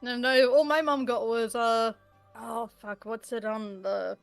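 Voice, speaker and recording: A woman player in a tabletop game talks bluntly and swears freely. Her voice sits a little higher than most. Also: steady tone, unhurried, gravelly, soft background music. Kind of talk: casual role-play chat.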